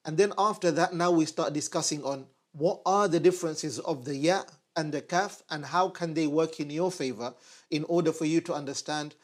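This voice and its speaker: A man giving an online Arabic lesson at a whiteboard, patiently repeating phrases slowly for his learners. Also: fairly high pitch. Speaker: Arabic teacher.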